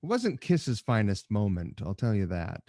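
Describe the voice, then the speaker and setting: A man hosting a podcast, asking curious questions and wandering into relaxed, rambling asides. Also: fairly low pitch, normal speed, dry recording, studio quality. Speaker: podcast host. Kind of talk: casual interview.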